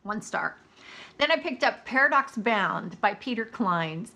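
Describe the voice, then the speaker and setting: An American woman in her twenties or thirties, chatting candidly in a casual video review of audiobooks. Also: a little slow. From United States. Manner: chatty, candid, animated pitch swings.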